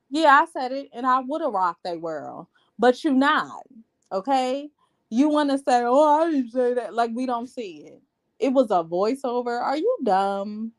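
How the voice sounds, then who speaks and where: A woman hosting a reality TV recap in a casual, sassy, blunt rant. She talks straight to her viewers and calls them babe and child. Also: fairly high pitch.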